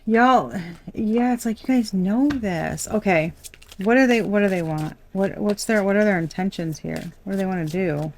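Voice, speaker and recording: A woman's voice: medium pitch, normal speed. Blunt, chatty woman tarot reader. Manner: chatty and blunt, laughs and swears often. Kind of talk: casual tarot reading monologue.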